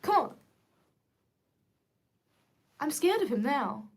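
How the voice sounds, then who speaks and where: A young woman chatting casually to viewers on a livestream, lively and quick to react. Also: high voice. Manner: chatty and animated, switching between English and Korean. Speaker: livestream host.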